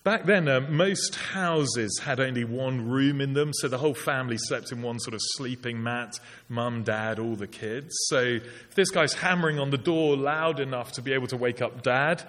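A man's voice: medium pitch, moderate pace, a bit bright. A middle-aged man preaching a sermon in a conversational way with wry asides. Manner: conversational, wry asides with put-on polite voices. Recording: long hall reverb.

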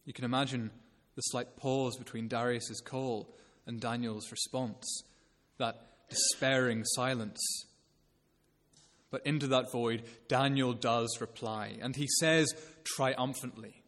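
A man preaching an earnest, measured expository sermon. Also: medium pitch, steady tone, fairly bright tone. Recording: long reverb of a hall.

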